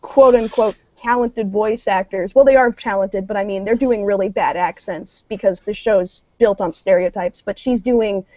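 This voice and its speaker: A woman's voice: medium pitch, moderate pace, hardly any pauses, dark tone, no room sound, lo-fi sound. A woman co-hosting a podcast in casual chat, rambling and sarcastic as she talks. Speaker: podcast co-host.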